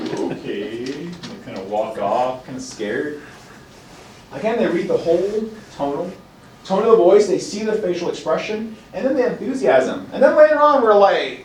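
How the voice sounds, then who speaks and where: A man gives a college lecture in a high, highly animated voice, slipping into quick acted asides as parents and children. He is heard from across an echoey classroom. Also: slight background noise. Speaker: college instructor. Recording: roomy classroom heard from a distance.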